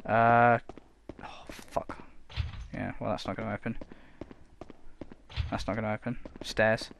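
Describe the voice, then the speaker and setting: A man's voice: little pitch movement, measured pace, creaky, fairly bright tone, slight background noise. A man giving casual, sarcastic gameplay commentary, swearing freely and mocking the game. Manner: sarcastic, sweary, mocking, breaks into squeaky mock voices. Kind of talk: casual let's play commentary.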